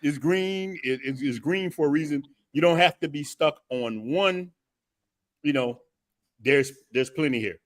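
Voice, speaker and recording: A man hosting a casual group chat, slangy and quick to laugh. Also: a little high. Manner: slangy, laughs often, calls others big dog. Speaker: host.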